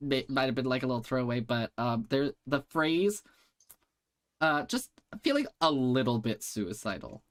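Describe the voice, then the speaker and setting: A man in the host's seat offers notes on a comedy set, in a mid-pitched voice. His talk wanders, and he hedges every point with uh, um and like. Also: animated, normal speed. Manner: rambling, hedging with uh and like. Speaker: comedy show host giving feedback. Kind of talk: casual feedback chat.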